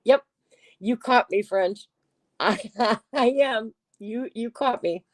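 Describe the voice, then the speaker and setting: A woman's voice: fairly high pitch, takes it slowly, no room sound. A woman hosting a casual livestream, chatting in a teasing way and reading her viewers' comments aloud. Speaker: livestream host.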